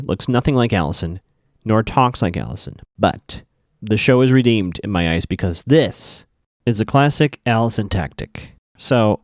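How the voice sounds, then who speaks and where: A man recapping a TV episode in a loose, chatty way, full of "uh" and "like", now and then playing out lines from the scenes. His pitch jumps around a lot as he talks. The sound is dry and close, with little room echo. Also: darkish tone. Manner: chatty, loose, many fillers, acts out characters' lines in passing. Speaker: podcast host recapping a TV episode. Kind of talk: casual solo recap.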